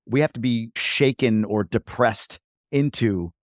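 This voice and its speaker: A man in his forties from New York, talking as a guest in a casual interview, emphatic and lively as he tells stories. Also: mid-range voice, unhurried, dry recording, clean studio sound. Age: 40s. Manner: emphatic, acts out voices of other people in quotes. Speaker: podcast guest.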